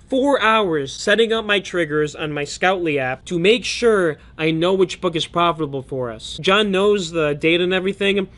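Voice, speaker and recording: A man vlogging in a casual storytelling style, blunt and animated, swearing casually. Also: on the high side. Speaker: vlogger, book reseller. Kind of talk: casual storytelling vlog narration.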